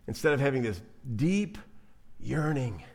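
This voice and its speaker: A man preaching a sermon as pastor, animated, acting out quoted voices and often repeating himself. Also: medium pitch, unhurried, creaky.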